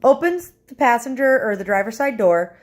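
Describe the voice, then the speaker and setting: A woman telling a story to her camera at home, animated, acting out voices and sound effects. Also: on the high side, moderate pace.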